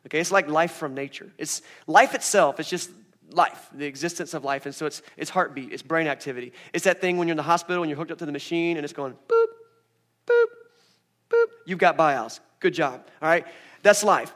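A young adult man preaching a sermon as pastor, playful and animated, acting out scripture scenes in voices. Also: on the high side.

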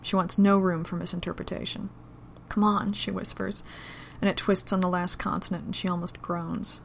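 A woman reading an adult romance story aloud in a low, intimate, steady manner. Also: a little fast, creaky, a little hiss or hum. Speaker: narrator.

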